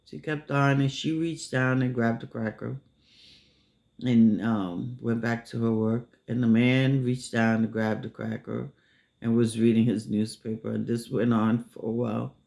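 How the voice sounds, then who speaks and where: A man telling a story casually, unhurried, with many filler pauses. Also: mid-range voice, steady tone, creaky, darkish tone.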